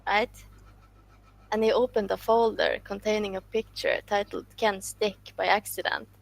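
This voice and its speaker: A woman chats on a podcast, laughing freely and telling a story with dry asides. Her voice sits at a medium pitch with a gravelly edge. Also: fairly even intonation, moderate pace, no room sound, poor audio. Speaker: podcast co-host. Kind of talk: casual chat.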